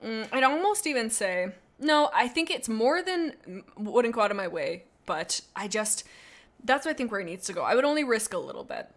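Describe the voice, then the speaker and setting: Her voice a little high and sing-song at a moderate pace, a woman chats casually on a live stream while reading out viewer comments. Goofy and playful, she rambles, cutting herself off and starting over amid frequent asides.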